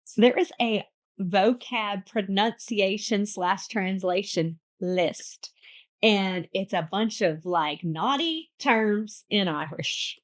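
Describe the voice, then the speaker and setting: A woman's voice: mid-range voice, slow pace. A woman hosting a podcast, reviewing a book in a bubbly, playful, chatty way with lots of asides. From United States. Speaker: podcast host. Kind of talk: casual book review chat.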